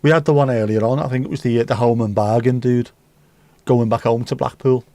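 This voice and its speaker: A man's voice: mid-range voice, steady tone, brisk, dark tone, no echo. A man hosting a livestream, rambling through jokey, sweary anecdotes in casual chat. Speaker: livestream host.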